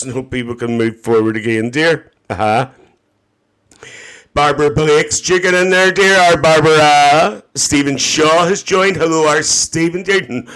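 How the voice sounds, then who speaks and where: A man's voice: mid-range voice, fairly bright tone, close to an everyday voice. A man playing a bawdy, gossiping Northern Irish auntie on a live stream, chatting cheekily and calling everyone dear and love, into a phone mic. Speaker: TikTok live host. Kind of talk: live-stream comedy character chat.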